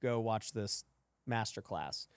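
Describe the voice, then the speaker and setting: A male host chatting loosely in an interview, his pitch swinging widely as he acts out the people he quotes. The sound is close and dry with no room around it. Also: slow pace, clean tone, no echo. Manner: animated, acts out quotes in raised voice. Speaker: podcast host. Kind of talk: casual interview chat.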